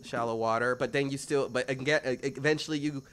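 A man runs a tabletop game as dungeon master, at a medium pitch. He narrates loosely, with plenty of fillers and restarts. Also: steady tone, a little fast, fairly bright tone, clear, resonant tone.

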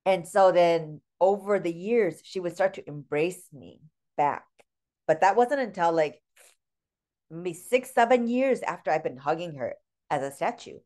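Woman, forties, lowish pitch, heartfelt storytelling, casual discussion. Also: animated, a little slow, a little mellow. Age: 40s. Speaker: book club member.

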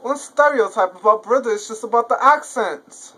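A woman's voice: a little high, normal speed, a bit bright, husky. A young woman chatting with friends on camera, bossy and teasing as she steers the talk. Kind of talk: casual chat among friends on camera.

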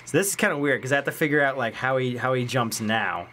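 A young man giving casual commentary while he plays a video game. He gets excitable, talks to the characters on screen and repeats phrases. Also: mid-range voice, quick pace, slight background noise. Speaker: let's play host.

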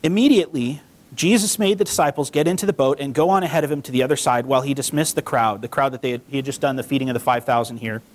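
A man pastor giving a casual, conversational sermon in a church, reading scripture and acting out the quotes. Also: quick pace. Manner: conversational, acts out quotes with lively pitch. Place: church sanctuary.

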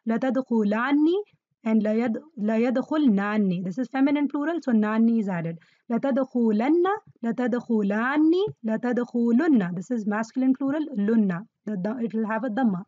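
A woman explains Quranic Arabic grammar to learners, patiently repeating key words and quizzing her listeners. Her voice is fairly high, expressive and mellow at a normal pace, captured in a dry, lo-fi recording.

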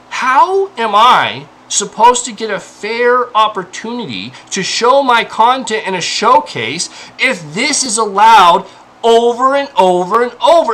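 A man delivers an angry personal rant, exasperated and profane, at times pleading. He speaks slowly and with emphasis, and his pitch swings widely. His voice has a bright, sharp edge over faint background noise. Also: low-quality recording. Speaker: indie game developer and content creator.

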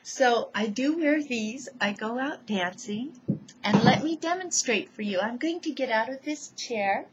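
Woman, home testimonial, slow and deliberate, mid pitch, muffled lo-fi recording. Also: animated. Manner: slow, deliberate, listing each change. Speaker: person describing her own recovery. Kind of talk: personal testimonial to camera. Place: at home, seated in a chair. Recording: dull lo-fi home recording, faint noise.

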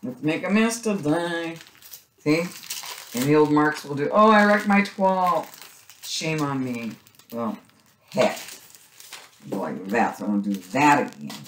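A middle-aged woman chatting casually as she unboxes craft supplies, gushing excitedly with little gasps and cries of delight. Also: sits low, unhurried, long pauses. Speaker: craft vlogger unboxing a subscription box. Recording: echoey room with faint noise.

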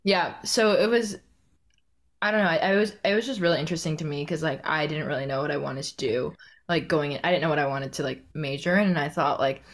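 A young woman in her twenties from the Bay Area, a podcast guest telling stories in casual chat, full of "like" fillers and quick laughs. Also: sits low, fairly even intonation. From San Francisco Bay Area, USA.

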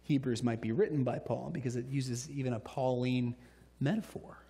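A middle-aged man preaching a sermon, telling stories with lively delivery and acting out little voices. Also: medium pitch, moderate pace. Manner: animated storytelling, acts out voices. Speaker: pastor. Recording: echoey hall.

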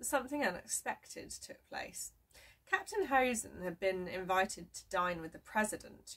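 A woman reading a children's storybook chapter aloud in a steady, measured way, recorded from a distance. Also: medium pitch, husky. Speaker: reader.

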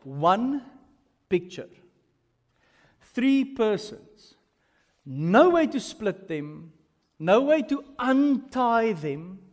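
A man preaches a sermon in an animated teaching manner, checking in with the congregation as he goes. His voice sits a little high for a man, and it rings with the long reverb of a church hall. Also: drawn-out words, pauses often. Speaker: pastor.

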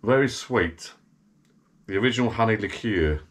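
Low-voiced rambling man. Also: expressive, moderate pace, slightly rough. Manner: rambling, digressive, chatty. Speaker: vlogger. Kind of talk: casual rambling chat. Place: backyard garden bar shed.

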